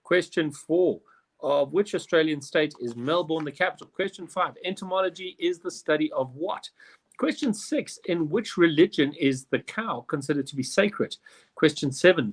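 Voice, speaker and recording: Guy hosting a quiz, bit higher voice, reads questions then goofs off and jokes around. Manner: jokey, reads questions then riffs with swearing and laughs. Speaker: quiz host. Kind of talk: casual quiz hosting with banter.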